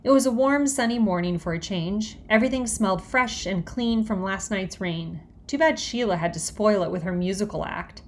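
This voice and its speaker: A woman reading a children's book aloud in a lively, expressive way. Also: mid-range voice, moderate pace, hardly any pauses. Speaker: audiobook reader.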